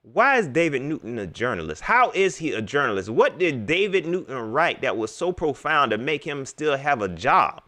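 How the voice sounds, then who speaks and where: A man hosting a casual livestream sports talk show, animated and slangy, repeating himself as he talks straight to his viewers. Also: on the high side, normal speed, few pauses.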